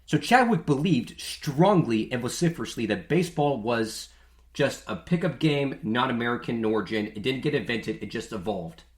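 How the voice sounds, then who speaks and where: A man's voice: medium pitch, expressive, normal speed. A man hosting a podcast in a casual monologue, chatty and jokey with lots of filler words. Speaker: podcast host. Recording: echoey room.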